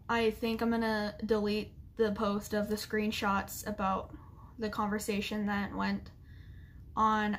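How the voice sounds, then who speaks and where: Young woman, vlogger, apologetic, close to tears, halting speech, many ums, mid-pitched voice. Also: a little hiss or hum. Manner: halting, with many fillers and restarts. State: holding back tears. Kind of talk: emotional apology vlog.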